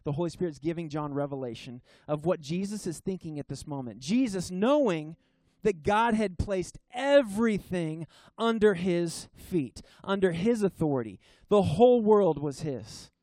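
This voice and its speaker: A man's voice: sits high, animated, dark tone, no echo. Earnest man preaching a sermon. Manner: earnest, emphatic, with halting restarts and slowed key phrases. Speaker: pastor. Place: church service.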